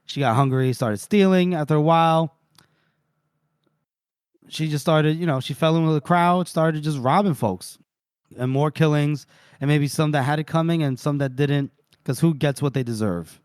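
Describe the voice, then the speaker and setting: Male podcast co-host, fairly high, dry mic; chatty recap that slips into brief put-on voices, laughs a lot. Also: darkish tone, smooth, no room sound. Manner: retells scenes with quick put-on voices, laughs often. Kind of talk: casual book-club recap.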